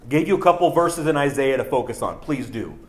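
A man's voice: medium pitch, animated, fast. Earnest male pastor preaching. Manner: earnest, rises to emphatic peaks. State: coughing. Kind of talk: sermon.

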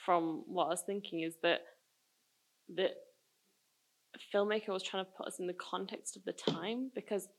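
A woman's voice: fairly low pitch, steady tone, moderate pace, gravelly, long pauses, slight background noise. A woman who grew up in the countryside, chatting about a film in a casual group discussion, her speech full of "like" fillers.

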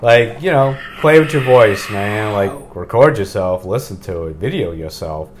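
A middle-aged man hosting a casual podcast, talking in a relaxed, rambling way and swearing now and then. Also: lowish voice, normal speed. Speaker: podcast host. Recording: faint background hiss.

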